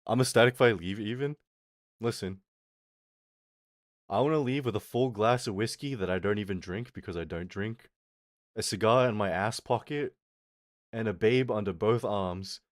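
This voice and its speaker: A male streamer talks in a fairly low voice, trading crude, self-mocking jokes with his chat and laughing often. The sound is dry, with no room echo. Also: moderate pace. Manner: chats back to viewers' comments. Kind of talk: casual live-stream chat.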